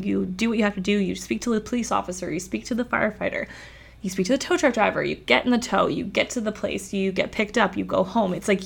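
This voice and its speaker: A woman's voice: mid-range voice, vocal fry. A woman vlogger telling a personal story in a chatty, casual way, with lots of "like". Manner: chatty, uses "like" a lot.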